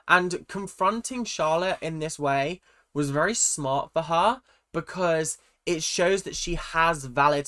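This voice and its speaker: A man's voice: fairly high pitch, a bit bright. A man giving a casual, opinionated TV recap, chatty and swearing freely. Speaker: reality TV recap YouTuber. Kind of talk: casual ranting commentary.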